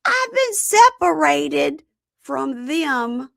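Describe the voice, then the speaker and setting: A woman putting on a shrill drunken wailing woman. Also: sing-song, very slow, gravelly, a bit bright, dry recording, studio quality, full character voice. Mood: insistent. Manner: shrill, dramatic, slurring wails. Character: drunk, tearful pleading middle-aged woman.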